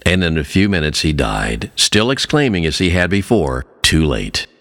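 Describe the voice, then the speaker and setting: A man preaching a sermon, earnest, telling a story and slowing down on key phrases. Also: big pitch swings, fairly bright tone. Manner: earnest, swings pitch widely for emphasis.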